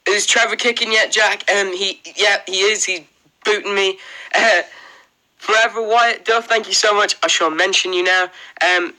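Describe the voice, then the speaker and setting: A young man with an Irish accent talks straight into a phone held close, streaming live from his bedroom. His voice is bright and sits a little high, and he rambles with plenty of fillers while reading out and thanking viewers one by one. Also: fairly even intonation, normal speed, rough recording. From Ireland. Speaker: livestream host. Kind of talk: casual livestream chat reading comments. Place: bedroom indoors.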